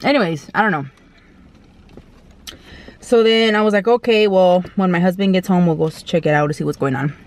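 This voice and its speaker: A woman's voice: on the low side, fairly quick, pauses often. A woman vlogger telling a story in a casual, blunt way, with slang and mild swearing, while she eats. She acts out quoted lines in a raised, exclaiming voice.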